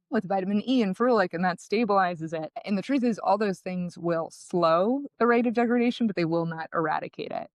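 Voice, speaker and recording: A woman founder being interviewed, telling her story in a lively, conversational way and acting out what people said. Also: fairly low pitch, no echo. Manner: animated, conversational, acts out quotes. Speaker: guest, founder.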